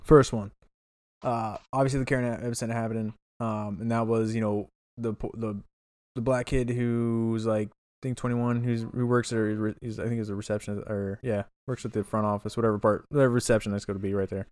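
A man's voice: on the low side, flat delivery, brisk, darkish tone, dry recording, studio quality. A man chatting casually as a podcast co-host, telling long rambling stories full of "uh" and restarts. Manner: rambling storyteller with many fillers and restarts. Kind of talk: casual chat.

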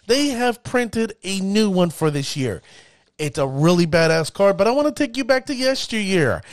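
A man hosting his own podcast in excitable, hype-building casual talk, rambling with restarts as he announces guests and reads out cards. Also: a little high, dry recording, clean studio sound. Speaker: podcast host.

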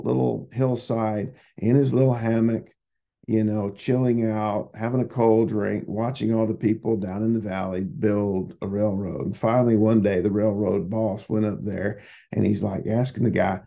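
A male therapist talks on his solo podcast with a low, gravelly voice. His tone is dark and somewhat husky. He rambles in a conversational way and often repeats himself. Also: steady tone, normal speed. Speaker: psychotherapist podcast host.

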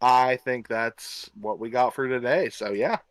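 A man's voice: mid-range voice, a little slow, dry recording. A young man co-hosting a podcast in casual chat, blunt and sarcastic with plenty of swearing. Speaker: podcast co-host.

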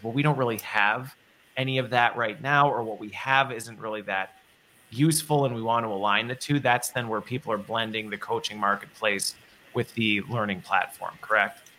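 A man with a bright, forward voice hosts a relaxed conversation. He thinks aloud as he goes, circling back and rephrasing his points before landing them. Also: mid-range voice, slight background noise. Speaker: podcast host. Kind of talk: conversational interview.

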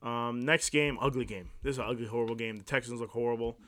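A man's voice: mid-range voice, fairly even intonation, quick pace, sharp tone. A man co-hosting a casual sports podcast, leading the game recaps and reciting stats. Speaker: podcast co-host.

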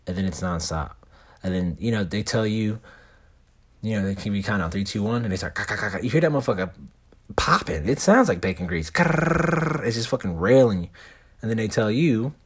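A man's voice: lowish voice, animated, a little fast, slight background noise. A young man telling a rambling story in casual talk, slangy and full of swearing. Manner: heavy swearing, laid-back slangy rambling.

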